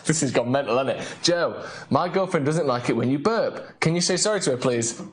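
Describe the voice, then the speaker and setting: A man's voice: mid-range voice, fairly quick. A man hosting a casual late-night live stream, chatting and reading out viewer comments. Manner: chatty, reads viewer comments, gets loudly excited over a match.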